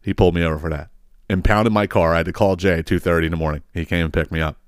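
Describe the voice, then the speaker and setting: A low-voiced man rattles through a story at a fast clip, swearing freely and circling back on his own words. The sound is close and dry, with no room echo. He talks in a casual, exasperated rant. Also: steady tone, clear, resonant tone. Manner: profane, exasperated, rambling with repeated words. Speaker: podcast host.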